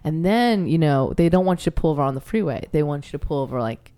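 A woman with a somewhat low voice tells stories in a relaxed podcast chat. She is animated and laughs often. She acts out the people in her stories. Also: fast. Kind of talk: casual storytelling chat.

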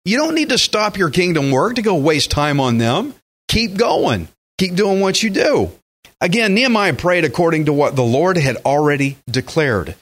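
A man preaching a radio sermon in an animated way, acting out quotes with big jumps in his voice. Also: fairly high pitch. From Texas. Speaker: pastor.

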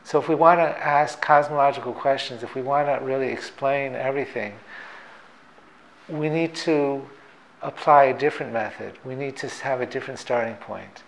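A man, a theoretical physicist, explaining ideas in a thoughtful, measured, professorial way. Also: medium pitch, gravelly, a little hiss or hum, poor audio. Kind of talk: reflective explanatory talk.

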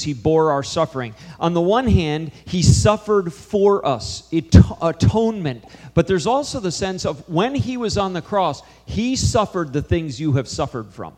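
A man's voice: fairly high pitch, long reverb tail. A man preaching a sermon, telling a story and acting out a conversation with changing emphasis. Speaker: pastor.

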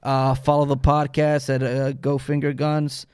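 A man's voice: mid-range voice, completely flat delivery, unhurried, a little mellow, smooth, dry recording. A man from the Bay Area chatting as a podcast guest, joking and rambling with fillers into a close mic. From San Francisco Bay Area. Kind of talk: casual podcast chat.

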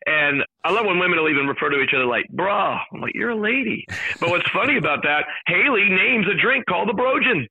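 A man calling in as a sports announcer, telling an excited, jokey story at a rapid clip. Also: high-pitched, husky, no echo. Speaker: guest, sports play-by-play announcer. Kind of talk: animated storytelling chat. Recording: tinny phone line.

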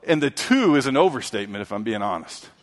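A man preaching a sermon, telling a story and swinging from loud, emphatic lines to hushed ones. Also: medium pitch, very animated, quick pace. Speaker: pastor. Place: church sanctuary. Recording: long hall reverb.

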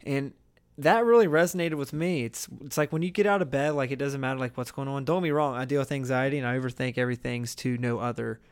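A man's voice: medium pitch, fast talker, clean tone. Earnest rambling young man. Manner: rambling, restarts thoughts, earnest. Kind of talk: casual chat.

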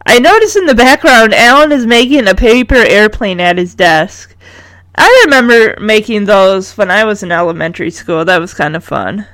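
A woman's voice: mid-range voice, expressive, normal speed, fairly bright tone, no echo. A woman casually retelling a cartoon episode with chatty, teasing asides.

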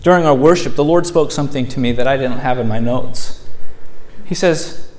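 A male pastor preaching a sermon in a church, moving between raised, emphatic lines and soft, gentle ones. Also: mid-range voice, moderate pace. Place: church sanctuary.

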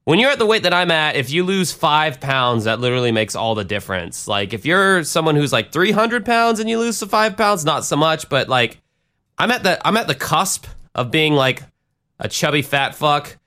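A man's voice: on the high side, animated, moderate pace, bright, forceful tone. A man hosting a podcast, telling a profane, rambling story in a self-deprecating way. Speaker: podcast host and DJ. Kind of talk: casual storytelling.

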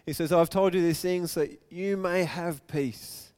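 This high-pitched man speaks a little slowly as he preaches, retelling passages of scripture and acting out the quotes. His delivery swings from loud and excited to quiet and gentle.

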